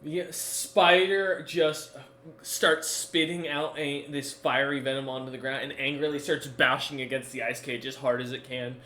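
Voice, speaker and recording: A man's voice: medium pitch, fairly even intonation, normal speed, sharp tone. A man running a tabletop game as game master, narrating with many fillers and self-corrections.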